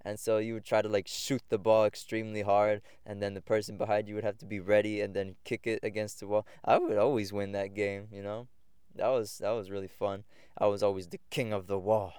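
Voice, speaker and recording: A man's voice: on the low side, little pitch movement, a little fast, a little mellow, smooth, dry recording, clean studio sound. A young man hosting a podcast, telling rambling, reflective stories from his own life in casual talk. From United States. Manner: rambling and reflective, many fillers and restarts. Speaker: podcast host. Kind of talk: casual personal storytelling.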